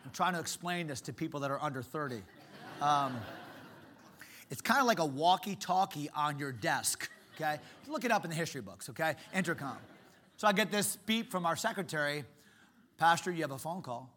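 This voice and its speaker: Bright-voiced middle-aged pastor preaching. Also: male voice, a little high, brisk, a little hiss or hum. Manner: animated storytelling, emphatic. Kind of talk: sermon.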